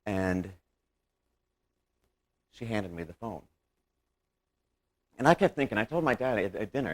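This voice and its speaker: A man performing a one-man stage monologue, theatrical, swinging between loud outbursts and hushed recollection. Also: lowish voice, animated, a little slow, long pauses.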